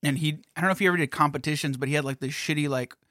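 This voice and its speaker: A man telling an anecdote in casual chat, animated and profane. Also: fairly high pitch, rapid-fire, no room sound, clean studio sound.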